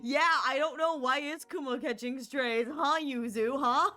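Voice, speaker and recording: Giggling woman streamer, high voice. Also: measured pace, pushed and bright, faint music behind. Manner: laughing uncontrollably, squealing. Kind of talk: casual live-stream gaming commentary.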